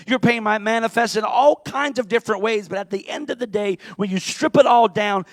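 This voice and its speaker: A middle-aged pastor preaches with raw passion, his high voice edged with gravel. He climbs to shouts and then drops to near-whispers. The sound is dry and close. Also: no echo. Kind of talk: sermon.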